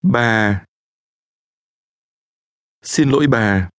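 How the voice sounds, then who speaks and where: A man giving model words for learners to repeat, articulating each one deliberately. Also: medium pitch, no room sound, clean studio sound. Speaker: native speaker model for repetition. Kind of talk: slow model pronunciation drills. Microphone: close studio mic.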